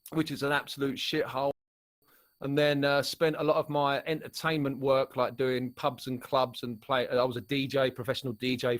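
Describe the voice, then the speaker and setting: A middle-aged man from Essex with an Essex English accent, chatting casually as a guest and rambling with frequent restarts. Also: medium pitch. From Essex, England. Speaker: musician and author guest. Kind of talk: casual chat.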